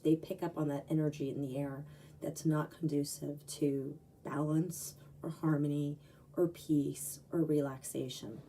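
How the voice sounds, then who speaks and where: A woman's voice: deep voice, mellow, slightly rough, distant mic, low-quality recording. A middle-aged woman dog trainer giving blunt, opinionated advice in a conversational talk. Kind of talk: direct-to-camera advice talk.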